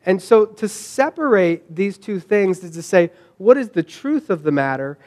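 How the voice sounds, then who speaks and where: A man's voice: sits high, expressive, moderate pace, darkish tone. A man preaching a sermon, talking conversationally with restarts and questions to the congregation. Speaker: pastor.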